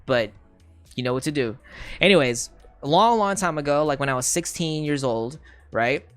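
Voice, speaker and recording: A young male streamer with a fairly high voice at normal speed casually recounts a personal story, sprinkling in "right?" and "like" and laughing often. He's animated, imitating his parents' voices when quoting them, and the recording is clean and dry with faint music in the background.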